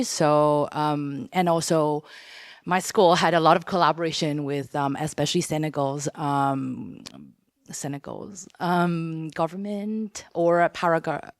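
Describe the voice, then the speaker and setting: A woman's voice: low-pitched, no room sound, studio quality. A woman speaking on a conference panel, talking casually with lots of fillers and restarts. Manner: hesitant, many fillers and restarts. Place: conference room.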